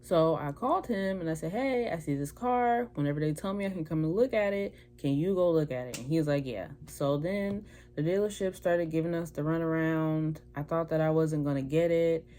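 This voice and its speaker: Low-voiced chatty woman vlogger. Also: fairly quick, warm tone. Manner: chatty, acts out quoted dialogue in altered voices. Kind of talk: casual storytelling to camera.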